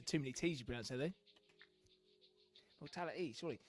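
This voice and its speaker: A man co-hosting a casual quiz, teasing his partner with quick wit. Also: mid-range voice, soft background music. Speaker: quiz co-host.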